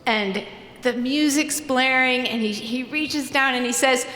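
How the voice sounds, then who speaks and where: A woman from Virginia telling a true personal story live on stage in a chatty, animated way, often quoting herself. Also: sits high, a little slow. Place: stage in a large hall. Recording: echoey hall reverb.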